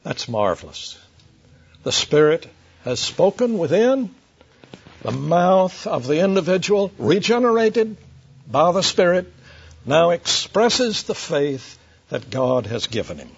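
Male preacher, expository sermon, unhurried and emphatic, raspy tone, muffled lo-fi sound. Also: fairly high pitch, very animated. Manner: slow, deliberate, emphatic with light asides to the congregation. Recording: dull lo-fi sermon recording.

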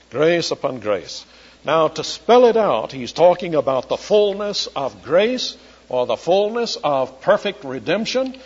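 An older man, from Charleston, preaching an expository sermon and slowing down when he quotes scripture. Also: fairly high pitch, slightly rough. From Charleston, South Carolina. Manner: slows down to quote scripture, teacherly. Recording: dull lo-fi recording, long hall reverb.

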